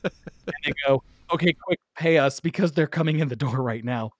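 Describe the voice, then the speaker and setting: A man telling a long story in casual podcast chat, animated and laughing as he acts out the quoted lines. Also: a little high, brisk, dry recording, clean studio sound.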